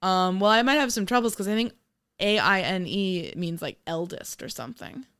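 A woman co-hosting a podcast, chatting casually about a movie, animated and profane, often laughing. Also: medium pitch, moderate pace, clear, resonant tone. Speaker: podcast co-host. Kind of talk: casual movie review chat.

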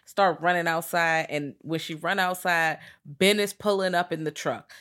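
Woman podcast co-host, lively storyteller, swears freely, casual review chat. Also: fairly low pitch, normal speed. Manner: animated retelling with acted quotes, swears freely.

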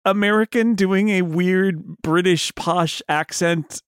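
A man hosting a casual chat, chatty and hesitant with many fillers, with a gravelly voice. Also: high-pitched, slow pace, dry recording, clean studio sound. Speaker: podcast host.

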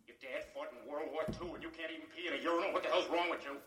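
A man's voice: on the high side, racing, a bit bright, echoey room, slight background noise, natural voice. An actor playing a nervous, self-conscious man stuck at a stadium urinal in a sitcom clip. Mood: anxious. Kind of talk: sitcom dialogue.

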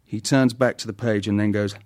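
British man, low voice, dry close mic, animated storyteller, stumbles and restarts. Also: fairly quick, dry recording. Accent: British English. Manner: animated storytelling, many restarts, laughs often. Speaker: actor guest. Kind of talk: podcast conversation.

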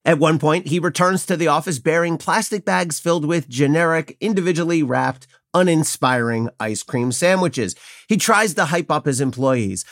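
A man's voice: on the high side, moderate pace, fairly bright tone, no echo. Wry man hosting a podcast, dry sound. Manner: wry, pointed, opinionated. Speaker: podcast host. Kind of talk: scripted political commentary.

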